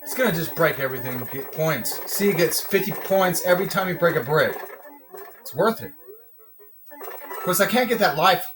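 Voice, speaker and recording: High, lively man hollering over games. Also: normal speed, pauses often, over music, low-quality recording. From United States. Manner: excitable, whooping, breaks into rhymed boasts. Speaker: gamer. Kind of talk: casual gameplay commentary.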